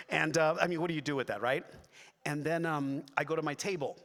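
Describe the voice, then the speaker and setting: A middle-aged man, a voice actor on a convention panel, telling rambling, excitable stories to the audience with many restarts and asides. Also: on the high side, normal speed. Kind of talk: animated storytelling on a convention stage. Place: large convention hall. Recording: echoey hall with long reverb.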